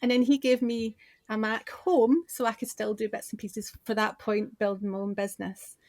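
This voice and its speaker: Woman, forties, Scottish accent, chatty storyteller, slightly high pitch, dry sound. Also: fairly even intonation, moderate pace, a little mellow, dry recording. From Scotland. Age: 40s. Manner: chatty storyteller with many restarts. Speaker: guest, business owner and designer. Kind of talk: casual interview chat.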